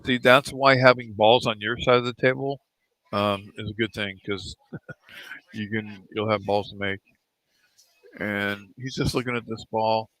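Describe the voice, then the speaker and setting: A man's voice: on the low side, steady tone, unhurried, fairly bright tone. A man giving casual live commentary on a pool match in a pool hall, laid-back and chatty, drifting into rambling anecdotes with chuckles.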